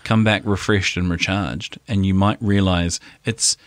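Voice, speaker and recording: Low-voiced wry New man. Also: steady tone, measured pace, no room sound, studio quality. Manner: wry, jokey, blunt asides. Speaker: podcast co-host. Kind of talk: casual podcast chat.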